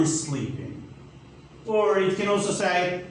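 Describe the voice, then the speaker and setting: A man with a Turkish accent teaching an English grammar lesson, speaking slowly and emphatically and spelling letters out. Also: sits high, animated, heavy reverb, far from the mic, slight background noise, poor audio.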